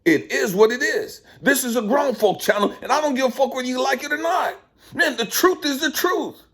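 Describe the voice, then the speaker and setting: Husky, profane man ranting. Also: extremely high pitch, animated, brisk, a bit bright. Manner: profane, preachy, emphatic. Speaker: channel host. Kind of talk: ranting monologue.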